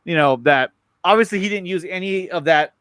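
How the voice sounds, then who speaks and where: A man hosting a casual chat about movie news. He is excited, repeats his words and often restarts his sentences. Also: high voice, a little fast, clean tone, no room sound, studio quality. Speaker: show host.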